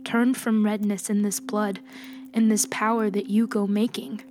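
A woman as a soft-spoken, calm young healer. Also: medium pitch, natural voice. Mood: gentle. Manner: soft, calm, measured speech. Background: music.

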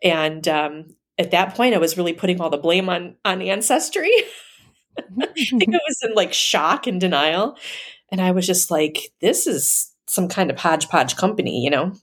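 A woman telling a personal story in a casual, hesitant way, with many fillers and soft laughs. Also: fairly low pitch, animated, unhurried.

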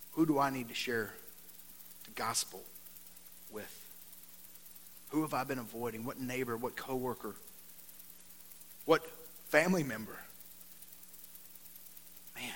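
A man preaching a conversational sermon. He keeps saying "man" and "right?", drops to a quiet, earnest tone, then turns loud and animated when he reads scripture. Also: medium pitch, long reverb tail. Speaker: pastor.

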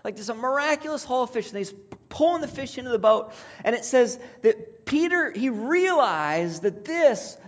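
A pastor preaching a sermon in a reflective storytelling way, asking questions aloud and dropping to a soft near-whisper for quoted words. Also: mid-range voice, lively intonation, normal speed.

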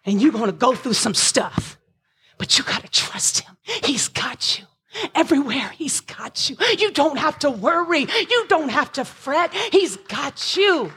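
A woman preaching a sermon, impassioned, at times rising to shouts with a breaking voice. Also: high voice.

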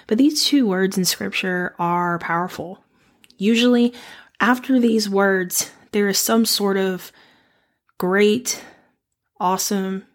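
A young woman hosting a devotional podcast, earnest and reflective, her voice slightly raspy and nasal as she recovers from the flu. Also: mid-range voice. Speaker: podcast host.

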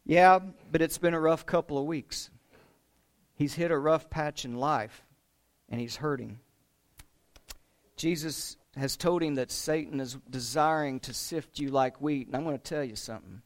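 A man preaching a sermon, retelling a story with emphatic rises and hushed drops. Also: a little high, a little slow. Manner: emphatic, dramatic retelling with rising and falling intensity.

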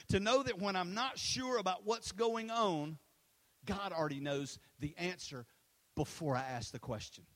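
High-voiced preacher calling to his church. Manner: passionate preaching with call-and-response to the congregation; swings between loud emphatic lines and low quiet ones. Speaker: pastor. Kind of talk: sermon.

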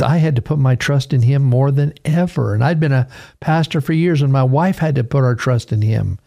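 A man's voice: medium pitch, gravelly, dark tone. A man, a pastor and radio host, preaching earnestly and reading scripture aloud in a radio sermon.

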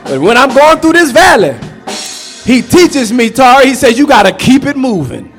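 A man preaching a sermon as pastor, shouting and calling out to the congregation. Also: extremely high pitch, very animated, normal speed, soft background music. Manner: shouting, preacherly call-and-response.

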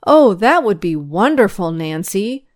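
A woman reading a storybook aloud and voicing a cheerful, helpful five-year-old boy who talks in a bright, eager way. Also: medium pitch, very animated, measured pace, no echo, clean studio sound. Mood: delighted.

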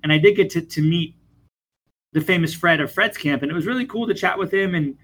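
A man's voice: on the high side, fairly quick, a bit bright, low-quality recording. A younger man, a therapist, talking earnestly in a casual podcast chat, often restarting his phrases. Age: young adult.

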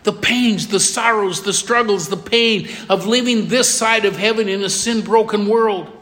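High-voiced preacher in a reverberant hall. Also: male voice, moderate pace. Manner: emphatic repetition, soft drops for emotional moments. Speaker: pastor. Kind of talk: sermon.

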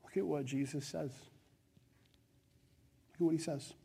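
Passionate high-voiced male pastor preaching. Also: steady tone, measured pace, creaky, breathy edge. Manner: passionate, swings from loud to hushed. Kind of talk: sermon.

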